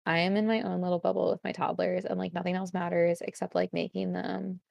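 A young woman chats casually as a guest, her voice sitting a little low and full of vocal fry. She rambles, stringing her thoughts together with constant "like"s. The sound is dry and close. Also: level tone, brisk, a little mellow, no echo, lo-fi sound. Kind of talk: casual conversation.

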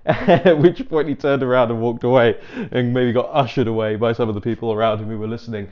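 A man's voice: mid-range voice, steady tone, a little fast, a little mellow, clear, resonant tone, highs cut off. A man giving casual political commentary, telling stories in a chatty, digressive way and acting out bits of dialogue. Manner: chatty, digressive storyteller who acts out dialogue.

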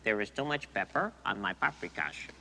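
A man's voice: gravelly, exaggerated voice. An actor playing a man drilling speech exercises, overenunciating each word. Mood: instructive. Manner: deliberate, overenunciated, lively pitch. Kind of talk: film dialogue. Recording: roomy hall with faint noise.

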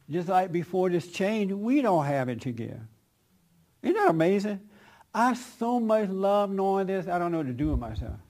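A man's voice: fairly high pitch, darkish tone. A man preaching in a conversational way, leading a group discussion and taking questions. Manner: emphatic, laughs often, calls on people. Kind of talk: conversational sermon with audience questions.

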